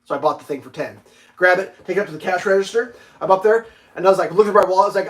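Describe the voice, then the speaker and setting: A man hosting a casual livestream, telling a story with lots of swearing and loudly acting out the dialogue. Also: high voice, very fast. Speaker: livestream host.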